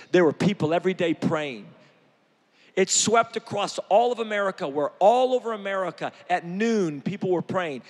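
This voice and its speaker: A man preaching a sermon, fervent and emphatic, building to shouts. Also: high voice, in a large hall.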